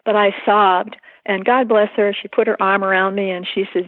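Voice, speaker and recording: A woman being interviewed, recalling personal events in a halting, earnest way with many fillers. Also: medium pitch, little pitch movement, no room sound. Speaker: interview guest. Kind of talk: emotional personal recollection. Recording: tinny phone line.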